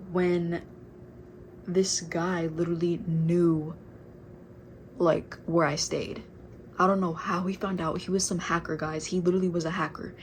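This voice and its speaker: A woman's voice: fairly low pitch, a little hiss or hum. A young adult woman telling a casual storytime to her viewers, chatty and full of fillers, calling them girl. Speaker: vlogger.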